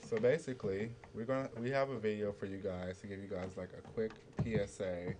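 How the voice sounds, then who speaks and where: Young guy host, kinda low voice, lots of "basically", noisy recording. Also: fairly even intonation, a little fast. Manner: laid-back, lots of fillers like "basically". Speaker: youth show host. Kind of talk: casual talk-show chat.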